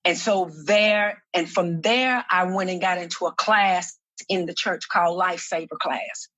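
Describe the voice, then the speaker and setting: A woman minister and activist sharing her personal testimony in a podcast interview, speaking earnestly and slowly, often repeating herself as she gathers her thoughts. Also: lowish voice, fairly even intonation, a bit bright, dry recording, muffled recording.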